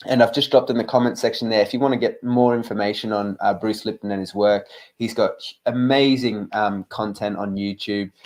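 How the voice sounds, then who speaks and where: A man's voice: fairly low pitch, fairly even intonation, a little fast, few pauses, a little mellow. A male host speaking earnestly in casual interview chat, with many ums and uhs.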